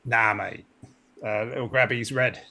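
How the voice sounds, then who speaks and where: A man's voice: medium pitch, steady tone, a little slow, gravelly, pushed and bright, voice pushed down, exaggerated voice. A man voicing an evasive starship crewman in a put-on Cockney accent that drifts toward Australian, calling everyone "mate". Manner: says "mate" constantly, dodgy and defensive.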